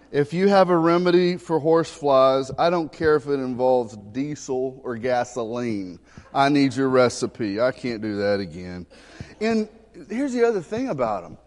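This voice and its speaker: A man's voice: on the high side, darkish tone. A middle-aged male pastor preaching a sermon, telling funny stories in a folksy way. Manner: humorous storytelling, folksy. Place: church sanctuary. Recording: long reverb of a church sanctuary.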